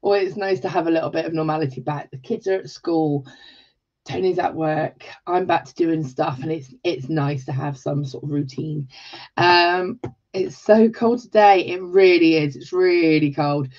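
An English woman from England, hosting a live jewellery tutorial in a warm, chatty way, greeting viewers by name and exclaiming often. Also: low voice, moderate pace. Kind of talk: chatty livestream talk. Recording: slightly dull livestream audio.

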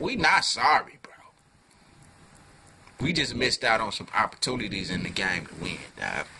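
A man giving a heated fan rant to camera, full of profanity and street slang, dropping low then flaring into loud outbursts. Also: background noise. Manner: profane slangy talk, keeps calling listeners "dog"; swings from low muttering to loud angry outbursts. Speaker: fan video reviewer.

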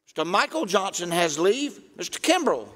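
A man's voice: high voice, sing-song, moderate pace, a bit bright. A man working as a reading clerk, calling the roll in a legislative chamber in a clipped, formal rhythm. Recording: long hall reverb.

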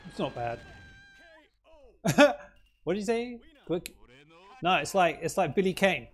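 A man's voice: high voice, very animated, measured pace. A man chatting casually to his viewers while streaming a fighting game. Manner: chatty, exclaiming, talking to chat. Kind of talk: casual livestream commentary.

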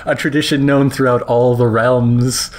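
A young man co-hosting a podcast, throwing in dry, joking quips during casual chat. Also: unhurried. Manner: dry jokey quips, lively pitch. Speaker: podcast co-host.

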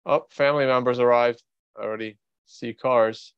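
At normal speed and a medium pitch, a Russian trader hosting a casual market livestream keeps a steady, clean tone while rambling and thinking aloud, blunt and offhand. The recording is dry and a little dull.

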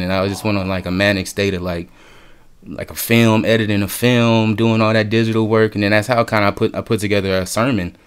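A man's voice: fairly low pitch, steady tone, fairly quick, clear, resonant tone. A young man chatting casually as a podcast guest, laid-back, laughing often and swearing freely. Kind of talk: casual chat.

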